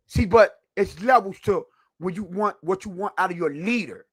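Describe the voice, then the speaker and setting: A man's voice: sits high, moderate pace, breathy edge, no room sound. A man hosting a heated sports talk show, preachy and emphatic, firing off rhetorical questions.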